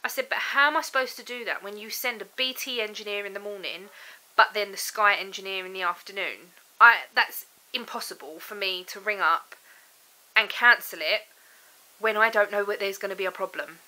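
Young woman, vlogger, bright sharp voice, mid pitch, exasperated ramble. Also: a little fast, low-quality recording. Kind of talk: casual vlog chat. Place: home, indoors.

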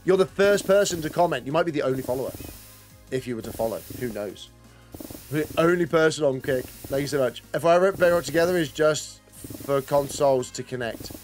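A man's voice: fairly high pitch, brisk, faint music behind. Chatty man streaming a game. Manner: chatty, rambling, greets and answers chat, laughs often. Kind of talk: casual live-stream commentary.

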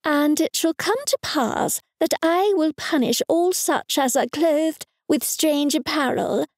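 Shrill pious older mother, high and scolding, gravelly edge, voiced by a woman narrator. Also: slow, no echo, studio quality. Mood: indignant. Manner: shrill, indignant.

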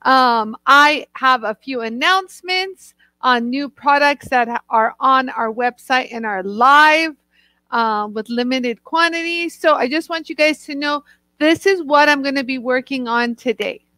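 A woman hosting a live online demo show, chatting casually and bubbly, warmly greeting viewers by name. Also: high-pitched, unhurried, dry recording, poor audio. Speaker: host of a live jewelry tool demo show. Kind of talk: casual live-stream chat.

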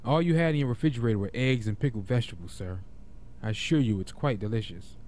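A man's voice: mid-range voice, quick pace, a little mellow, slight background noise, natural voice. A man voicing a polite, cheerful male household helper in a game, addressing the other man courteously as sir.

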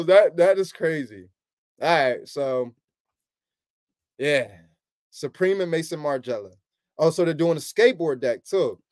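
A man hosting a sneaker channel, chatting casually with his viewers in animated slangy banter and laughing often. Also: fairly high pitch, no room sound, studio quality. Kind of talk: casual streaming chat.

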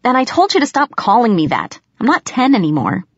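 A woman voicing a quick-tempered teenage farm girl who answers back indignantly. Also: on the low side, animated, dry recording. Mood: angry. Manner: indignant, snappish. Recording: dry, slightly muffled.

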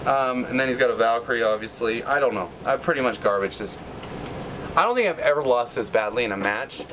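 A man of average pitch commentates his own live matches, frustrated and ranting. His voice leaps up in sudden outbursts, then sinks into low grumbling. Clear background noise runs under his desk mic. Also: fairly quick. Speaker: gaming channel host.

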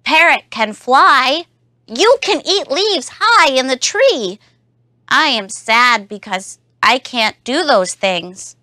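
A woman's voice: sits high, big pitch swings, slow, bright, forceful tone, no echo, clean studio sound, heavily acted. A woman voicing a small, downhearted little frog in a children's storybook recording. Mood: sad. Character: small sad little frog who learns to be happy.

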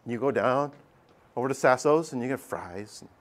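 A middle-aged man teaching a math class, lively and joking, acting out his students' voices. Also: mid-range voice, a little fast. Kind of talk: classroom lecture.

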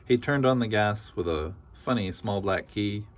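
A man reads a children's picture book aloud, his voice sitting on the low side. He tells the story gently and rhythmically, leaning into its repeated phrases. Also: a little slow. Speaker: storybook reader.

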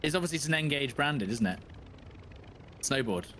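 Playful man, lively pitch. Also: moderate pace, a little hiss or hum. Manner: joking, playful, animated. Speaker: gamer co-player. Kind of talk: casual gaming banter.

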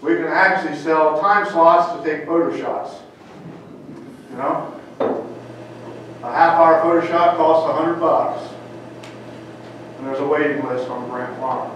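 Folksy older farmer in an echoey hall. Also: male voice, fairly high pitch, fairly even intonation, measured pace, pauses often, fairly bright tone. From Ohio. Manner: folksy storyteller, sprinkles in "you know". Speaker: farmer giving a talk. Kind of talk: folksy conference talk. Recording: echoey hall, distant mic, dull and noisy.

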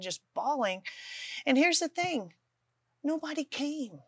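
A woman's voice: sits high, expressive, slow, dry recording. A middle-aged woman, a guest author, telling her story earnestly with self-deprecating humor on a talk show. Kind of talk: testimony in a studio talk show.

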